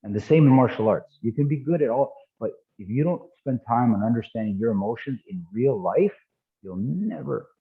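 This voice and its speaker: Animated man teaching over a tinny call. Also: medium pitch, normal speed. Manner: animated, repetitive, frequent false starts and laughs. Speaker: martial arts instructor. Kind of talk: casual spoken teaching. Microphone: online video call. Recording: tinny phone-like audio.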